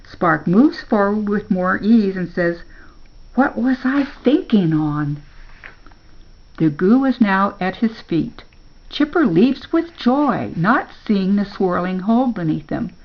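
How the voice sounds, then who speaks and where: Older lady reading a kids' story real slow, gravelly voice, dull lo-fi sound. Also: mid-range voice, lively intonation. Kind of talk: reading a children's story aloud.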